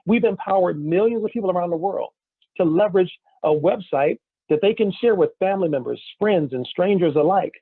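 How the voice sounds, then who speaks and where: Raspy guy doing a hyped sales pitch, keeps asking the crowd questions, dry tinny audio. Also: no echo. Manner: energetic, rhetorical questions, keeps saying "guys". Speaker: business opportunity presenter. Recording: tinny phone-like dry recording.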